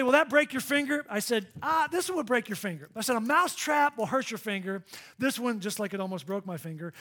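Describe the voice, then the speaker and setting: A middle-aged male pastor preaching a sermon in a church, telling stories and drawing in his congregation with questions. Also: high-pitched. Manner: lively storytelling preacher, engaging congregation. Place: church sanctuary.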